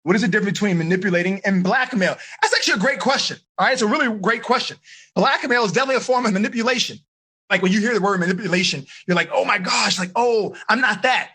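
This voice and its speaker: A man running a live seminar for teenagers, energetic and asking the audience questions. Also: high voice, very fast, breathy edge. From United States. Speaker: teen life coach.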